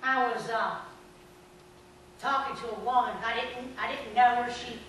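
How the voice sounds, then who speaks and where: Woman pastor, folksy sermon with sudden shouts, high bright voice, echoey church from far off. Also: unhurried, slight background noise. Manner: folksy storytelling with animated shouts. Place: church sanctuary.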